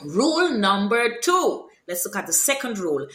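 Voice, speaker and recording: A Guyanese woman teaches her Creolese accent in a casual lesson, explaining slowly and then leaping into high, lively example phrases. The sound is reverberant.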